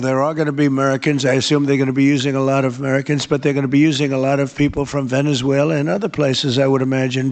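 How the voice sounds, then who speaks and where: A man's voice: medium pitch, darkish tone. An older man in a press Q&A answering reporters in a rambling, repetitive and emphatic way. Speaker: head of state answering press questions.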